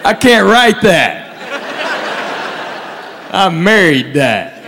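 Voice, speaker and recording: On a comedy club stage, a man does a stand-up routine, spinning stories with punchlines and imitating his relatives. He speaks extremely slowly in a high, sing-song voice. The live recording comes from a reverberant room, with crowd noise and other background noise audible.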